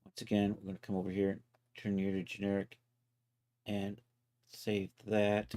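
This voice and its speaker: A man casually talking himself through each step of a software task on a live stream, loose and self-mocking. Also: lowish voice, completely flat delivery, normal speed, a little hiss or hum. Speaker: livestreaming 3D content creator.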